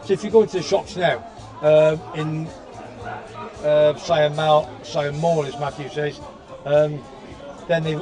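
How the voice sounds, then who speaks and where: A slightly high-voiced man with a West Country accent rambles along animatedly, doubling back on his words. Music and a lively crowd sound clearly behind him outdoors. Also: measured pace, long pauses. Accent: West Country English. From Gloucestershire, England. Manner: rambling, animated, repeats himself. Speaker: livestream co-host. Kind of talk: casual banter. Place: outdoors on a street.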